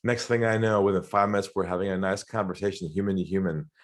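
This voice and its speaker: A middle-aged Australian man telling sales stories in an interview, animated, often acting out the voices of the people in them. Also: sits low, fast. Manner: animated storyteller, acts out quoted voices, laughs often. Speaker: sales trainer guest. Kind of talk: storytelling interview talk.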